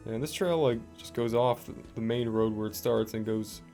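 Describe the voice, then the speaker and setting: A young man casually telling a story while playing a game, rambling with many restarts and filler words. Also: medium pitch. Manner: rambling, lots of "like" and restarts, animated retelling. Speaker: gaming vlogger. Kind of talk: casual storytelling over gameplay. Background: faint background music.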